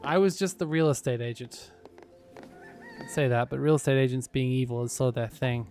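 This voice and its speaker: A man giving relaxed gameplay commentary, muttering to himself with dry, sarcastic asides. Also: mid-range voice, fairly quick, soft background music. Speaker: gaming YouTuber.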